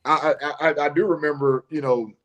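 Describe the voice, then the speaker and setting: A man, telling stories as a guest on a live show. He laughs often and stumbles through restarts, and his voice jumps up high when he mimics his old coach. He sounds relaxed and chatty. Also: a little fast, lo-fi sound. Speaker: guest, former college football player. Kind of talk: casual storytelling on a live show.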